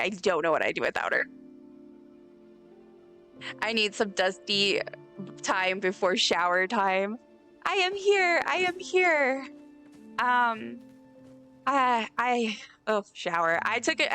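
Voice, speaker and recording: A woman livestreamer with a bright, forceful mid-range voice chats casually and effusively while gaming. She reads chat messages aloud over faint game music.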